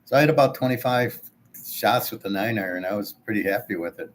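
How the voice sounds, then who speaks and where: A man's voice: lowish voice, brisk, slight background noise. A man telling a story in a casual monologue, blunt and ranting, swearing and repeating himself. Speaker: show host, self-described economist.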